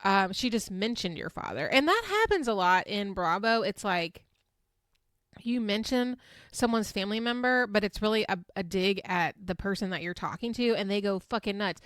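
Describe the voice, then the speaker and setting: Recapping a reality show on her podcast, a woman older than her twenties chats casually, swears freely, talks frankly, and laughs a lot among her fillers. Her mid-range voice is a bit bright with lively intonation and a moderate pace, recorded in studio quality without room sound.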